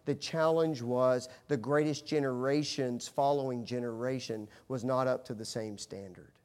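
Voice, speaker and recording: A middle-aged pastor, a man, preaching with animated storytelling that swings from hushed to loud. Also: medium pitch, normal speed. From United States. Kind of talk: sermon.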